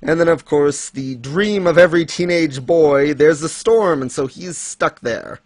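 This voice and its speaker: A man's voice: fairly high pitch, measured pace, dry recording. Rambling man hosting a chat. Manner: rambling, with fillers and laughs. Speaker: podcast host. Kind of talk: casual manga discussion.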